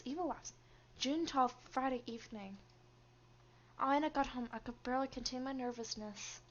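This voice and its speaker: A woman's voice: sits high, normal speed, highs cut off. A young woman streaming a game, reading its story lines aloud and chatting with viewers between them, laughing often.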